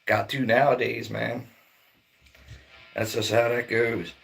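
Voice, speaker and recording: Gravelly middle-aged man chatting casually. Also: mid-range voice, flat delivery, slow, fairly bright tone, faint music behind. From Maryland, near Baltimore. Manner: rambling, laid-back, swears a lot. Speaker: livestream host. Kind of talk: casual livestream chat.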